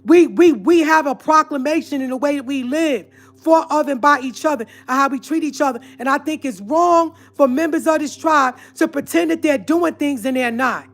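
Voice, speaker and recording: A woman's voice: high-pitched, normal speed. Heated, confrontational woman channel host. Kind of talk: ranting live-stream monologue.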